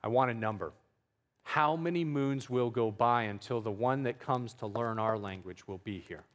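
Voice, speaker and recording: A man's voice: mid-range voice, normal speed, in a large hall, natural voice. A man voicing an insistent older male village chief who keeps pressing his question. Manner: demanding, repeating his question.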